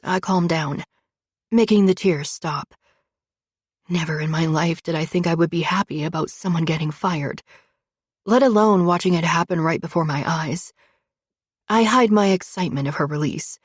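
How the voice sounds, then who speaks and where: A woman with a low, husky voice reads a first-person romance audiobook. Her delivery is intimate and confessional. The close-miked recording is completely dry, with no room around it. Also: no echo. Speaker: audiobook narrator.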